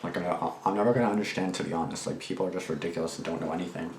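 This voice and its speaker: In an echoey room with faint background noise, a young reaction channel host talks very fast in a low, creaky voice with a steady tone. He rambles through reactions and a personal anecdote, swearing, restarting and using lots of fillers.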